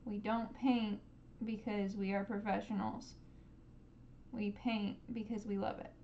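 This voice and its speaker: A woman streaming a live painting lesson, gently encouraging viewers and making playful sound effects as she paints. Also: medium pitch, flat delivery, a little slow, dull audio, slight background noise.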